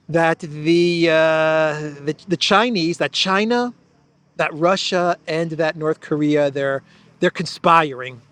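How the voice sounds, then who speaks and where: A man delivers an unscripted political commentary monologue with a fairly high-pitched voice. He talks in animated bursts, often restarting phrases and breaking into incredulous laughter. The sound is dry and close, with no room echo. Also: slow pace. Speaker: host of a political commentary show.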